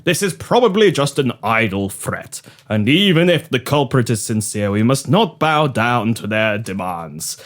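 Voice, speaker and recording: A man voicing an old, solemn Santa in a comedy audio drama who declaims each line with sweeping rises and plunging drops. His pitch sits mid-range while his tone stays pompous and theatrical. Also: big pitch swings, measured pace, few pauses. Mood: resolute.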